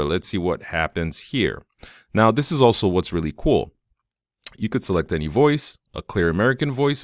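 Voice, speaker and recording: A man hosting a screen-recorded software tutorial, talking casually and enthusiastically, thinking aloud with fillers. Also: sits low, no echo, studio quality. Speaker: tutorial host.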